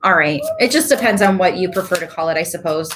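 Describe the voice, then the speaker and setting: A woman giving a casual tarot reading to her viewers, chatty and quick to laugh, with animated asides. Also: lowish voice, background noise. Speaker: tarot reader.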